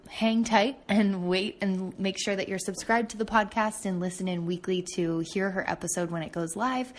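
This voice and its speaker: A woman's voice: lowish voice, slight background noise. Upbeat woman podcast host. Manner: upbeat, enthusiastic, lots of "super". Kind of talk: casual podcast chat and sponsor read.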